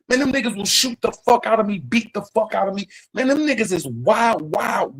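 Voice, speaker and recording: A man's voice: sits high, lively intonation, normal speed, hardly any pauses, breathy edge, low-quality recording. A man hosting a livestream, talking in a profane, rambling, emphatic casual rant. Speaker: livestream host.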